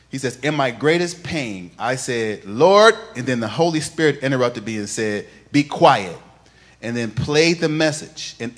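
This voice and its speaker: A male pastor preaching a sermon, moving from quiet, conversational telling to loud, sing-song preaching and calling on the congregation to repeat after him. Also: mid-range voice. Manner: calls on the congregation to repeat phrases.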